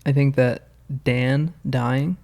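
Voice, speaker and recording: A man's voice: medium pitch, fairly even intonation, slow pace, vocal fry, a little mellow. A man co-hosting a podcast in casual chat, rambling with many fillers and restarts. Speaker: podcast co-host.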